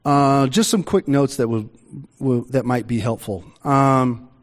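A middle-aged man preaching a sermon in a conversational way, with slow, emphatic pauses. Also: medium pitch, steady tone. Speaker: pastor.

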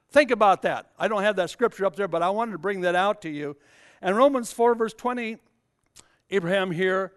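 A man's voice: high voice, moderate pace, clean tone. An older man preaching a sermon, telling a Bible story and rising to fervent emphasis.

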